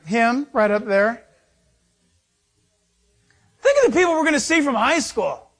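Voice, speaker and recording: A man's voice: very high voice, big pitch swings, measured pace, a bit bright. A middle-aged male pastor preaching a sermon, acting out quotes and laughing as he goes.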